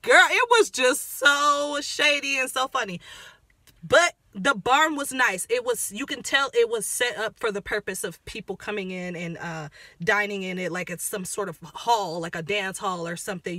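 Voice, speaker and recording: A woman giving a sassy, profane rant recapping a reality show, throwing in dramatic asides and sometimes dropping her voice low and quiet. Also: no room sound, studio quality. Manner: drops voice low and quiet at times. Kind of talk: ranting recap commentary.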